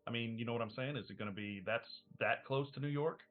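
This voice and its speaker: A man's voice: medium pitch, fast talker. A man hosting a tabletop game as game master, casually asking his players questions. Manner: easygoing, asks the table questions. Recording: tinny, phone-like stream audio.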